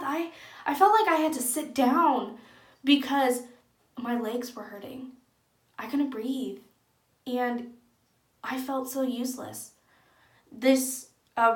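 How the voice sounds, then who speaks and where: A young woman talking openly and earnestly to camera in a personal vlog. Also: high voice. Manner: earnest, open and soft-spoken. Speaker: vlogger. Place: echoey room at home. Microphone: camera in front of speaker. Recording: echoey room.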